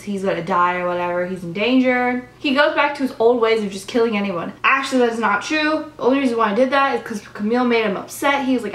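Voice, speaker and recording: A woman's voice: on the high side, echoey room. Chatty young woman recapping episodes. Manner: chatty, acts out characters' lines in quick bursts. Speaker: vlogger reviewing TV episodes.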